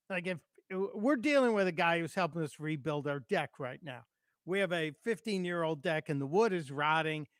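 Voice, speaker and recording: A middle-aged man filling in as host of a call-in radio show, chatty and quick to laugh, apologizing for technical glitches. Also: high-pitched, no room sound, clean studio sound. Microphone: studio microphone.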